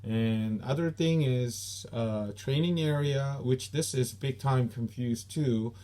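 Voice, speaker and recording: Man, Korean accent, taekwondo instructor, patient repetition, mellow voice. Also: mid-range voice, slight background noise. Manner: explains patiently, repeats each term slowly. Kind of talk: teaching Korean dojang terms.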